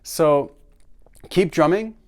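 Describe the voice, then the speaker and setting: A man teaching snare drum phrasing in a relaxed, conversational way, singing drum patterns aloud as he explains. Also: on the high side, slow pace. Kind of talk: casual instructional explanation.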